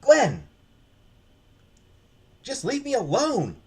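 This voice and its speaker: A man's voice: extremely high pitch, wildly swooping pitch, very slow, a little mellow, slightly rough, exaggerated voice. A man voicing a stubborn young adventurer in a game, talking in urgent, defiant bursts. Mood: frantic.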